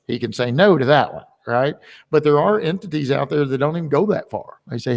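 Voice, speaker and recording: A man's voice: fairly high pitch, big pitch swings, fairly quick, vocal fry, darkish tone, breathy edge. Chatty male webinar host, echoing hall. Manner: rambling and chatty, with many filler words. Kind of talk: casual webinar talk. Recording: long hall reverb.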